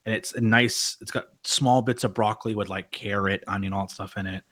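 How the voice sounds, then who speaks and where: A man's voice: lowish voice, fairly even intonation, a little fast, a bit bright. A young man, chatting casually on a podcast, blunt and swearing freely while he reads out bits from articles. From Australia. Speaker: podcast host. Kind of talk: casual chat.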